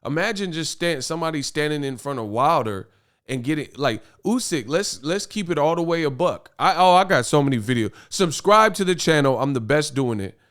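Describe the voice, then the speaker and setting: A man's voice: on the high side, expressive, fairly quick, a bit bright. A man hosting a boxing commentary vlog, talking in an emphatic, rambling way and repeating his punchlines. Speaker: boxing commentary channel host.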